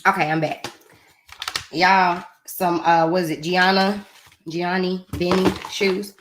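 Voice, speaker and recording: A woman's voice: on the low side, level tone, takes it slowly, a bit bright, slight background noise. A woman hosts her own live stream in a playful, chatty way. She speaks in an easygoing register, addressing viewers directly as if they were friends. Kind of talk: casual chat to viewers.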